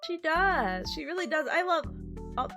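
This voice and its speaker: A woman streamer chatting casually and bubbling over with excitement, breaking into squeals. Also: high-pitched, normal speed, over music. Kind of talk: casual recap chat.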